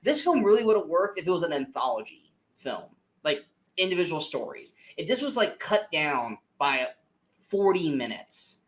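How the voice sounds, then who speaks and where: A man co-hosting a movie review podcast, ranting in an animated, exasperated way with plenty of swearing. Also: a little high, moderate pace. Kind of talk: casual movie review chat.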